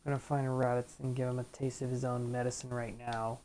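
A woman hosting a let's play, chatting loosely as she plays and retelling old scenes. Her voice is very low, mellow and dark. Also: level tone, a little fast, a little hiss or hum. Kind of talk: casual gameplay commentary.

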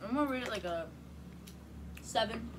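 A woman's voice: fairly high pitch, lively intonation, moderate pace, a bit bright, slight background noise. Chatty woman full of "like"s. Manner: chatty, says "like" a lot, candid. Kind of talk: casual snack review chat.

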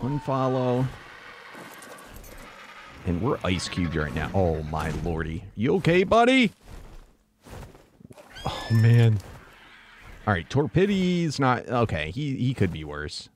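A man's voice: lowish voice, very animated, takes it slowly, long pauses, a little hiss or hum. A man giving live gameplay commentary, swinging between frantic yelps and muttered groans. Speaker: gameplay streamer.

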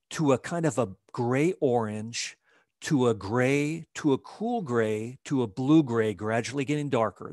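A man talks through a digital painting demo, calm and explanatory, with a middle-pitched voice. He walks the listener through each step as he paints. The sound is dry and close, with no room echo. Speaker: art instructor. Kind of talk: live painting demo narration.

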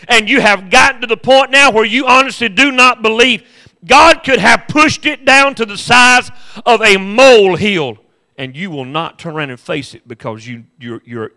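High, sharp-voiced preacher man. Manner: impassioned, repetitive, storytelling preaching. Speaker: pastor. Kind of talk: sermon.

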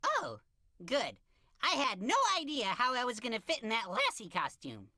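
A man voicing a goofy, excitable male cucumber who talks in a silly, dramatic way and is quick to panic. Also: very high-pitched, dry recording, full character voice. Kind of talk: cartoon voice acting.

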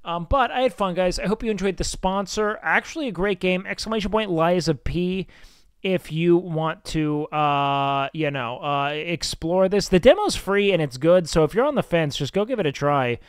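A young man chatting casually on a game stream, rambling and swearing, with sudden excited outbursts. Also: high-pitched, normal speed, clean tone, no echo. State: sleepy. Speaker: livestreamer. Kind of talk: casual gaming stream chat.

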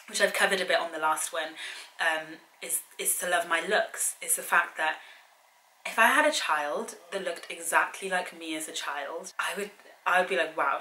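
A woman's voice: fairly low pitch, pushed and bright. A young woman giving a casual, earnest motivational talk to her viewers, chatty and full of direct challenges. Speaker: fitness and wellbeing vlogger. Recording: echoey room, faint background hiss.

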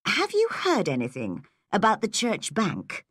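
A woman's voice: mid-range voice, huge pitch swings, a little slow, a bit bright, slightly rough, dry recording, clean studio sound, exaggerated voice. A woman reading a storybook, voicing a tired, worried older farm woman in a subdued way.

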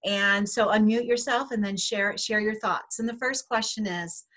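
A woman's voice: medium pitch, fairly even intonation, normal speed, a bit bright. A woman hosting a panel on a video call, talking in a hesitant way with many restarts. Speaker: summit host.

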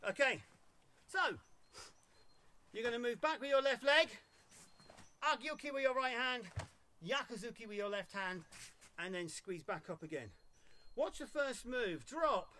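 Male karate instructor, bright and higher-pitched, deliberate pace, barks counts to the class. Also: expressive. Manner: barks counts loudly, coaching in short commands. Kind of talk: live online class instruction.

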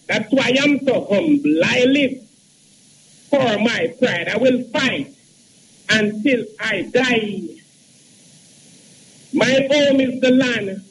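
A man in his thirties calls in and recites a poem, chanting slowly and repeating his lines. His voice sits very high for a man and he takes his time. He comes through a phone line with faint noise behind him. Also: a bit bright. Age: 30s. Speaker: caller.

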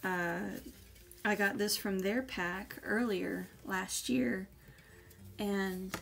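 A woman unboxing gifts in an unhurried, drawn-out way. Her voice carries a gravelly vocal fry, and she gushes effusively, pausing often on little fillers. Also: medium pitch, steady tone. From United States. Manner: gushing and effusive, with hesitant fillers. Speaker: vlogger. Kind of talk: casual unboxing chat.

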